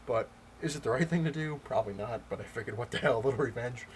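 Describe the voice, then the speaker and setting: A man vlogging about comics, telling a story in a loose, rambling way with many pauses and restarts. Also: mid-range voice, a little hiss or hum. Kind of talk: casual storytelling rant.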